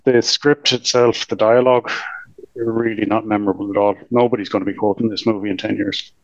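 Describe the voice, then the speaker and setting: A blunt man with a gravelly, creaky voice gives dry, sarcastic verdicts on films. His voice comes through a dull, muffled lo-fi mic, and the sound is dry, with no room echo. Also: on the low side, little pitch movement, fairly quick. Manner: blunt and dryly sarcastic critic. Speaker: film review podcast co-host. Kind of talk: casual film review chat.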